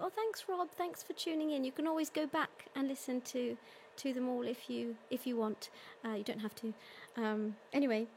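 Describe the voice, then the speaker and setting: A woman's voice: on the high side, slight background noise. Chatty woman with a raised voice. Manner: chatty and friendly, with frequent ums and self-corrections. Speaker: singer hosting a livestream. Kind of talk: casual chat, reading out viewer comments and retelling a story.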